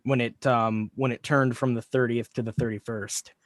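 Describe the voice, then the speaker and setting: A man's voice: medium pitch, flat delivery, normal speed, no room sound. Man telling an eerie anecdote, dry close mic. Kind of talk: casual livestream round-table chat.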